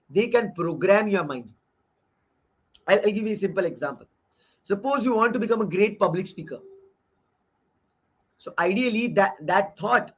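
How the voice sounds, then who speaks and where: Man with a high voice, earnest lecturer who repeats key lines, on dull lo-fi audio. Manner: earnest and explanatory, often repeating phrases. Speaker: course lecturer reviewing a book. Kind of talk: online lecture.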